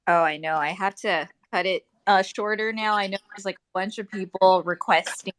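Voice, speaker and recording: A woman hosting, speaking in a hurried, practical way. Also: mid-range voice, fairly even intonation. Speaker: host. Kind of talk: casual chat on an audio chat room.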